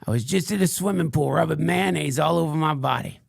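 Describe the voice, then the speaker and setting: A man's voice: on the high side, brisk, vocal fry, no room sound, studio quality, pitched above the performer's own voice. A man voicing an unhinged male conspiracy crank who rambles through a crude, mock-solemn tirade in a comedic character monologue. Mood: ranting.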